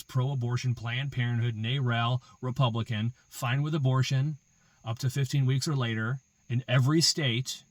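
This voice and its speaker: A man's voice: mid-range voice, a little mellow, no echo. Emphatic man in a dry, close room. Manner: emphatic, repetitive, building arguments with rhetorical questions. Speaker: political commentary host. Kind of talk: opinion monologue.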